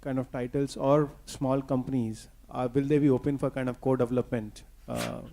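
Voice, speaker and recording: A man's voice: mid-range voice, flat delivery, normal speed, vocal fry, mellow, a little hiss or hum. A man in the audience asking a speaker questions at a conference, rephrasing them when he is not understood.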